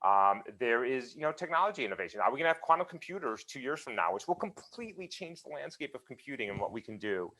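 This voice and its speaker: Man, talk guest over a video call, lively pitch, emphatic and full of restarts. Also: fast, few pauses. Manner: animated, emphatic, many fillers and restarts. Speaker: guest speaker. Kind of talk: conversational Q&A talk.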